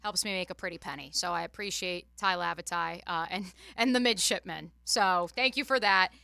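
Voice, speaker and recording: A woman co-hosting a sports radio show, telling a betting story in an animated, excitable way. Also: on the low side, fairly quick, creaky, clean tone, no room sound. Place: radio studio. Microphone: studio microphone.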